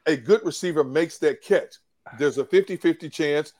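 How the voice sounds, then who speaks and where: A man's voice: on the high side, normal speed, darkish tone, dry recording. A man breaking down a football loss on a post-game show, emphatic and opinionated. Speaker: sports analyst.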